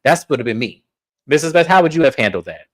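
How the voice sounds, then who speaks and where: A woman's voice: extremely low pitch, quick pace. A woman giving a casual, profane recap of a reality TV episode, telling the story with energy and acting out cast members' lines. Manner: animated storytelling with swearing. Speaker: podcast co-host.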